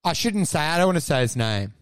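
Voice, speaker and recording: A man co-hosting a podcast, talking in crude, laughing comic banter and often breaking into loud put-on voices. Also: fairly high pitch, big pitch swings, fast, clear, resonant tone. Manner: brash, laughing, swearing, launches into loud mock voices. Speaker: comedian podcast co-host.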